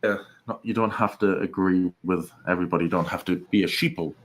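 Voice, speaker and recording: A man giving casual, opinionated commentary, rambling with quick asides and restarts. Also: deep voice, steady tone. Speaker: co-host.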